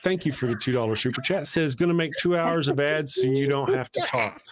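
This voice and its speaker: A man's voice: medium pitch, brisk. A man co-hosting a live atheist talk stream, rambling casually and reading viewer comments aloud. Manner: rambling, self-deprecating, reads viewer super chats aloud.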